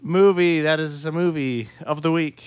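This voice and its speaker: A man co-hosting a casual podcast, talking in a rambling, halting way and laughing often. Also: on the high side, darkish tone, smooth, no echo, studio quality. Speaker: podcast co-host.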